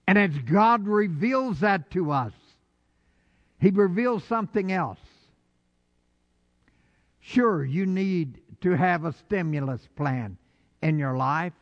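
A male pastor preaching in a high, unhurried voice, dramatic and direct with his congregation. The sound is dull and lo-fi, with a long echo from a hall. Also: expressive. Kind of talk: sermon.

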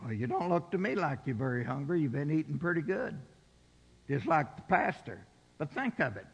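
A middle-aged male pastor preaching a sermon, stressing scripture slowly and dropping to quiet asides. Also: fairly high pitch, sing-song, vocal fry, breathy edge, highs cut off. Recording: long reverb from a large hall.

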